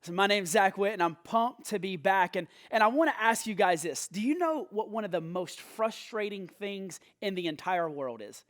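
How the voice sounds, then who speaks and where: High-voiced upbeat young man hosting. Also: lively intonation, normal speed, few pauses, fairly bright tone. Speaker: host. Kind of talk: energetic casual talk to camera.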